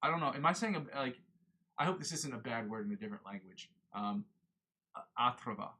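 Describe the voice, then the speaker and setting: A man's voice: mid-range voice, animated, fast talker, bright, forceful tone. A young man hosting a guitar livestream, chatting in a rambling, self-correcting way. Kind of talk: casual livestream chat.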